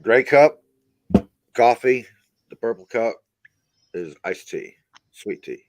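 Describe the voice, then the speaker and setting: Lively-pitched Pittsburgh man. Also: slow pace, no echo. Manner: laid-back, mumbling, says "man" a lot. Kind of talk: casual livestream chat.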